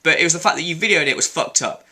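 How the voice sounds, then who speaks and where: A man's voice: a little high, lively intonation, rapid-fire, pushed and bright. A young man ranting angrily in an opinion vlog, indignant, sweary and sarcastic. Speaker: commentary vlogger. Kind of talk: angry opinion rant.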